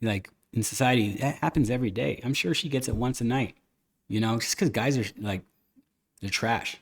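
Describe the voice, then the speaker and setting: A man talks through a casual podcast chat in a middle-pitched voice. He rambles candidly from one story to the next, acting out bits of past conversations as he goes. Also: moderate pace, gravelly, husky. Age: adult, a father. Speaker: podcast host.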